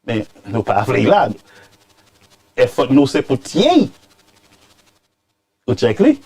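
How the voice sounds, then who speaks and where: A man hosting political commentary, scolding and animated, dropping into Creole phrases. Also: mid-range voice, takes it slowly. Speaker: commentary show host.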